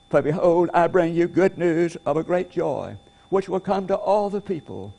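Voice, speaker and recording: A man preaching a Christmas sermon, earnestly slowing down to stress key phrases. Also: a little high, vocal fry, warm tone.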